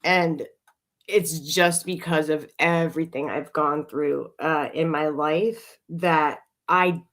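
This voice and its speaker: Woman podcast host, fairly low voice, blunt storyteller who swears and laughs a lot. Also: fairly even intonation, takes it slowly, a bit bright. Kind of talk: candid storytelling chat.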